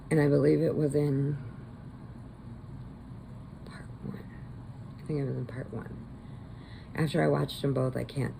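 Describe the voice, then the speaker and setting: Chatty woman vlogger with a low, gravelly voice; rambling movie recap at home. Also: darkish tone, slight background noise. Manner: rambling, chatty, laughs often.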